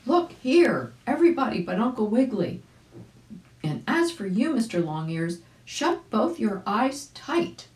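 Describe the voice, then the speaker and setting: A woman voicing an excitable young male poodle dog in a storybook reading, calling out high and eager. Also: a little slow, echoey room. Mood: commanding.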